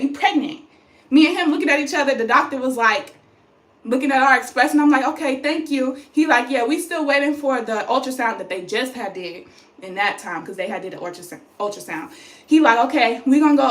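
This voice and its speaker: A young adult woman vlogging, telling a personal story in a casual, animated way and acting out the voices of people in it. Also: high voice. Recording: echoey room.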